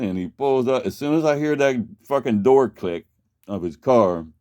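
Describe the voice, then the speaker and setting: A man's voice: medium pitch, a little mellow. A man casually telling a long personal story, rambling and profane, with many restarts. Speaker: vlogger.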